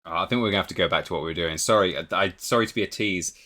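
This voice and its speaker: A man's voice: sits low, racing, bright, forceful tone. A man hosting a live stream, chatting casually and rambling with amusement about clips he plays. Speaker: streamer host.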